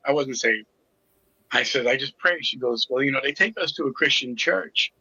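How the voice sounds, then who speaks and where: A man's voice: mid-range voice, normal speed, bright, forceful tone, slightly rough, dry recording, dull audio. A middle-aged man telling his personal story as an interview guest, candid and with a sarcastic sense of humor. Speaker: interview guest, recovery coach.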